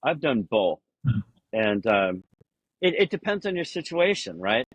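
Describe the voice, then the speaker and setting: Rambling husky-voiced man telling stories. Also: mid-range voice, sing-song, unhurried, no room sound, highs cut off. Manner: rambling, lots of "you know", acts out quotes with a raised voice. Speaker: podcast guest. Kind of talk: casual conversational storytelling.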